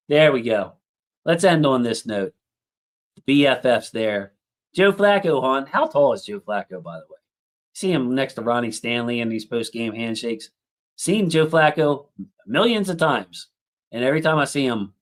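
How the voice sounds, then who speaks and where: A man in his thirties hosting a casual sports livestream, rambling through thanks to his chat with lots of fillers. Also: medium pitch.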